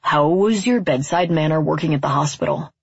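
A woman reading the lines of a laid-back young man, a friend, in a dry, deadpan way. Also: sits low, a little fast, gravelly, husky, dry recording, dull audio, heavily acted.

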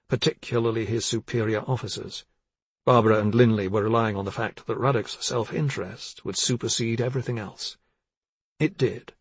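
Husky man reading a novel. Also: medium pitch, no room sound. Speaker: narrator. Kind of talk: audiobook narration.

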